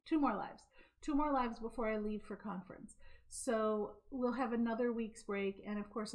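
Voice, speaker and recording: A woman hosting a live craft show, chatting casually to camera and demonstrating a knitting stitch, talkative and quick to laugh. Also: a little high. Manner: chatty, laughing, hyper and fast when excited. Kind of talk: casual live-stream chat and knitting demo. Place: home craft room, speaking to camera. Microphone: camera mic.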